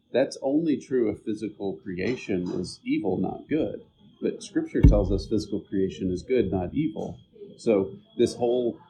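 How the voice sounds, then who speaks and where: A man delivers a sermon in a relaxed, conversational way and turns aside now and then to speak straight to his congregation. His voice sits a little low, with a warm, mellow tone. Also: slight background noise, low-quality recording. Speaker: pastor.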